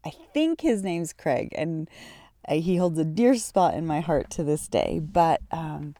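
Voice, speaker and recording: A woman's voice: low-pitched, big pitch swings, unhurried, warm tone, no echo, clean studio sound. A woman, hosting a podcast and telling a personal story in a reflective way, often searching for words. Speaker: podcast host.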